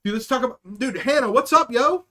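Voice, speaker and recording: His voice very high, bright, and forceful, a young livestream host talks fairly quickly and animatedly. He rambles through a story full of swearing in casual chat, repeatedly asking "okay?".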